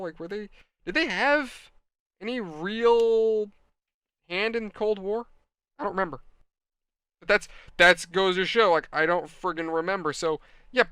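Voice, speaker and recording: This is a man hosting a hobby video, telling an animated anecdote with plenty of exasperation. His voice sits a little high and sounds bright and smooth. The recording is close and dry. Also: dry recording. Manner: animated, exasperated storyteller, addresses viewers. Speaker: hobby channel host. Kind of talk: rambling anecdote while model building.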